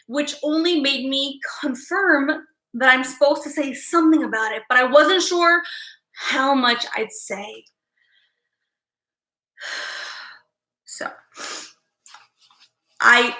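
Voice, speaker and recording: High, tearful woman psychic on a livestream. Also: bright, forceful tone, echoey room. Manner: halting, repeats herself, near tears. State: fighting back tears. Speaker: psychic tarot reader. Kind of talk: emotional livestream talk to viewers.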